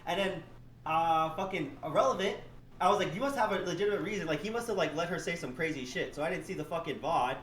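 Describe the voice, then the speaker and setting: A man rambling defensively and excitedly in profane casual chat. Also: fairly high pitch, fast talker, echoey room, slight background noise.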